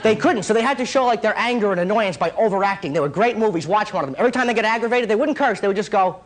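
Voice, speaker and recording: A young man in his twenties tears through a stand-up comedy set with a hyper, rapid-fire delivery. His voice sits unusually high for a man, and the jokes come bouncing out one after another. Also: expressive. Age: 20s.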